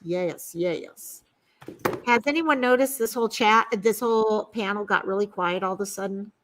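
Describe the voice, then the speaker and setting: A woman's voice: normal speed, a bit bright, slight background noise. A woman hosting a casual livestream chat from home, talking to viewers and her pets. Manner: chatty, talks to her pets in a high sing-song voice. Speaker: livestream host.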